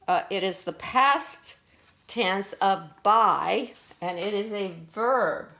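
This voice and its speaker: A woman teacher slowly explaining vocabulary words, their parts of speech and syllables, in a deliberate classroom manner. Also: mid-range voice, a bit bright. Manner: slow and deliberate, explaining word by word. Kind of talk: vocabulary lesson.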